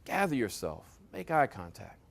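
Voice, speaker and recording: A man giving a lively motivational talk to a workshop audience, coaching them with sports analogies, repetition and swings in loudness. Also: medium pitch, moderate pace, vocal fry. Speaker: speaker at a leadership workshop. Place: meeting room with audience.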